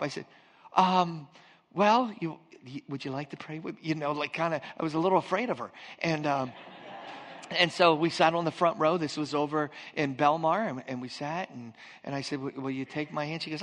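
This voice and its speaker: A man's voice: a little high, moderate pace, fairly bright tone. A man preaching a sermon as pastor, telling stories and acting out quotes, chatting with the congregation. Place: church sanctuary. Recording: long reverb in a church hall.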